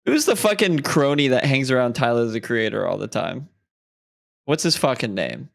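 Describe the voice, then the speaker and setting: A man's voice: mid-range voice, sing-song, normal speed, vocal fry. A young man co-hosting a podcast, chatting casually and spinning silly scenarios. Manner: joking, spins silly scenarios. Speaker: podcast co-host. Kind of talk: casual chat.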